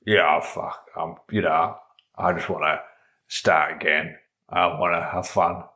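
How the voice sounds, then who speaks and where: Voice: low voice, steady tone, unhurried, bright, forceful tone, voice pushed down, heavily acted. A man doing a swearing lad. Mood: drawling. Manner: swearing, laddish, drawling. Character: laddish young man just out of detention.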